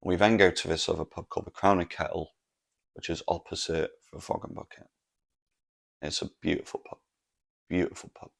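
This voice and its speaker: A man's voice: deep voice, steady tone, a little fast, vocal fry, pauses often. A man, telling a rambling, sweary story on his podcast. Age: 40s. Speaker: podcast host. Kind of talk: casual storytelling monologue.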